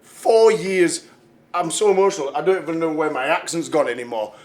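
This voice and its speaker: A man with a fairly high voice talks in an emotional wrestling promo. He whines and stammers, sounding close to tears. His lines trip over each other as he repeats himself. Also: fairly quick. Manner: whiny, tearful, stammering. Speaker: wrestler giving a backstage promo.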